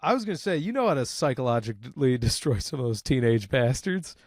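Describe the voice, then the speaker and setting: A young man co-hosting a podcast in casual banter, crude and loud, laughing often and acting out quotes, sweating in a hot room. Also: medium pitch, expressive, fast, no echo, studio quality. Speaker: podcast co-host.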